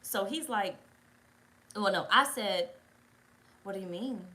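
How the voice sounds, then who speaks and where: A woman's voice: medium pitch, takes it slowly, pushed and bright, poor audio. A woman telling a rambling story time in casual chat, blunt and full of swearing. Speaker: tarot reader.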